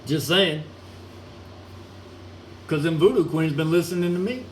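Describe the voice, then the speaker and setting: A man's voice: fairly high pitch, animated, unhurried. A man delivering a crude, mocking, rambling rant, chuckling now and then. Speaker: solo ranting vlogger. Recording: echoey room with air conditioning hum.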